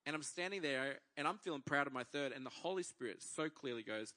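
An Australian man preaches with a bright, ringing voice. He tells a personal story in a lively way and voices the people in it as he goes. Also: mid-range voice, fairly quick. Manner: lively storyteller acting out dialogue. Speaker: pastor. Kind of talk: sermon storytelling.

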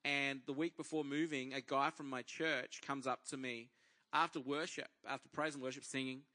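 A man in his thirties preaching, telling a personal faith story to a congregation as an animated storyteller who acts out his own inner dialogue. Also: mid-range voice, moderate pace.

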